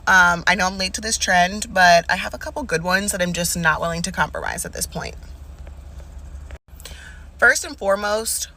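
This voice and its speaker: A woman's voice: fairly low pitch, sharp tone. A woman in her thirties, a mother, running through a list to camera in a blunt, matter-of-fact way with casual swearing. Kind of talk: list-style vlog to camera.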